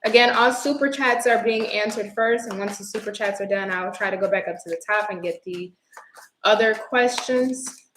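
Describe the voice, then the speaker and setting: A woman doing a live-stream tarot reading, chatty and expressive, greeting viewers by name. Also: medium pitch, moderate pace, echoey room, slight background noise, rough recording. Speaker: tarot reader.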